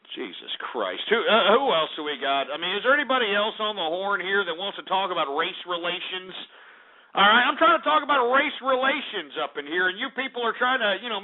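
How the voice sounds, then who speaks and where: Male call-in host, high voice, abrasive and profane, tinny lo-fi line. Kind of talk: call-in show banter. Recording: tinny phone-like audio.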